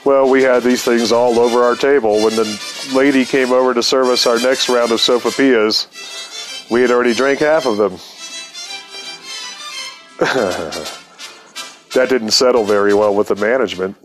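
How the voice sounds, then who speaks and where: A man's voice: mid-range voice, steady tone, normal speed, pauses often, faint music behind. A man telling a casual, profane story in a laid-back way, often chuckling. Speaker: podcast storyteller.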